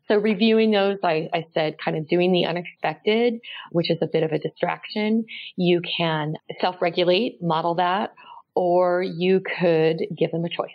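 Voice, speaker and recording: A woman guest on an interview explaining parenting tips in a calm, measured, gently explanatory way. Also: lowish voice. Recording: slightly dull lo-fi sound.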